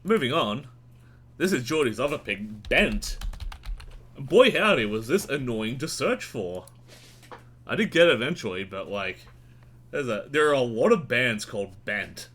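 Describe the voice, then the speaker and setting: A man reviewing new albums in a casual, rambling and sweary way, with sudden jumps in pitch. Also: big pitch swings, unhurried, fairly bright tone, husky. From Australia. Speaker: music reviewer. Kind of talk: casual monthly album roundup.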